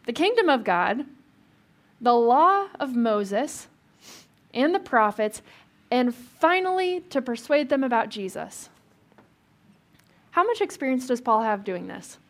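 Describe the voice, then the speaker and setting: A woman's voice: fairly high pitch, sing-song, slow pace, pauses often. Woman preaching in a chatty sermon voice. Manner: conversational, asks the congregation questions and jokes. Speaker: pastor.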